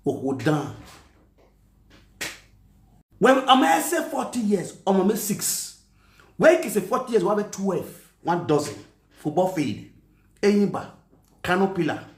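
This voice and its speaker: A Nigerian man with an Edo accent hosting an online talk show, ranting with insults, mocking chants and shouts. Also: sits high, sing-song, takes it slowly, pauses often, echoey room. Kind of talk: ranting commentary.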